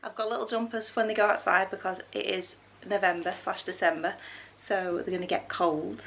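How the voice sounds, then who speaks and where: A woman's voice: mid-range voice, fairly even intonation, fairly quick, vocal fry, a bit bright, a little hiss or hum. A young woman chatting casually in a home vlog, rambling with frequent ums. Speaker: vlogger. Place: home with puppies.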